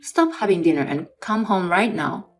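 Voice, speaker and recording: A woman's voice: on the low side, lively intonation, moderate pace, faint music behind, natural voice. A woman voicing a stern middle-aged aunt who scolds her nephew firmly. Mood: scolding. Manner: firm, scolding.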